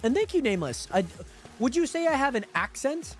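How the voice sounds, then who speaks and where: A man's voice: very high voice, big pitch swings, brisk, faint music behind. A young man live-streaming a game, chatting casually and rambling with lots of fillers while greeting viewers by name. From Pacific Northwest.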